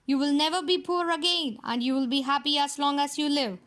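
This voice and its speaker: A woman's voice: sits high, fairly even intonation, brisk, fairly bright tone. A woman voicing a kind old fairy in a children's story, speaking reassuringly.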